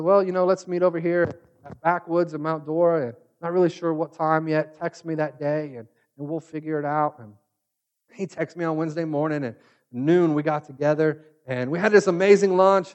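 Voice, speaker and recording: Male pastor with a high voice; conversational sermon delivery, acts out quoted lines. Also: highs cut off. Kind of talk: sermon with personal storytelling.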